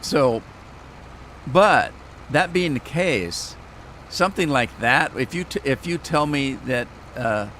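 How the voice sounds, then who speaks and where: A man's voice: medium pitch, expressive, slow, a bit bright, slight background noise. A man streaming a farming game, chatting casually and telling rambling stories with chuckles. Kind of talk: casual gameplay commentary.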